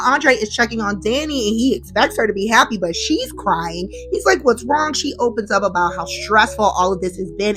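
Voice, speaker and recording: A woman recapping a daytime soap in a casual, gossipy vlog, full of excited asides. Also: mid-range voice. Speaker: soap opera recap host.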